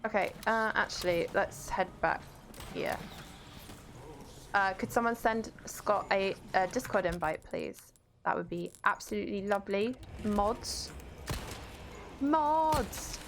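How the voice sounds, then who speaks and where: A woman live-streams a game, chatting casually with viewers, reading chat aloud, and exclaiming at the action. Her medium-pitched voice is a bit bright and a little slow, with slight hiss or hum in the background.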